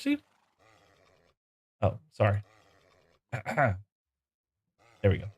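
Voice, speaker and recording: A man's voice: medium pitch, expressive, measured pace. A man live-streaming a game, chatting casually with viewers and coaxing his in-game horses in playful broken talk.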